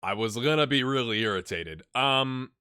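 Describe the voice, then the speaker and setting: A male gaming host talks through his game in a casual commentary style. His voice is bright and forceful, with a lively pitch that swings up and down. He chats freely and mutters asides to himself. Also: normal speed, clear, resonant tone.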